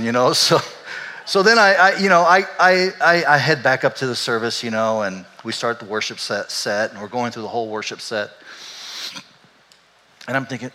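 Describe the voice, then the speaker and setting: An older man, a pastor, telling a candid and emotional personal story in a sermon, animated as he goes. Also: mid-range voice, fairly quick. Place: church sanctuary. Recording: echoey hall.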